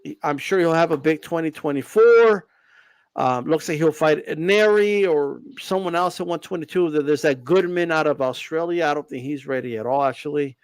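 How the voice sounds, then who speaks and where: A man with a high, bouncy voice talks boxing in an easy, joking way. His tone has a gravelly fry to it. The sound is close and dry, with no room around it. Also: moderate pace, no room sound. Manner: joking, animated, lots of "you know what I mean". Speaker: boxing podcast co-host. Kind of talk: casual chat.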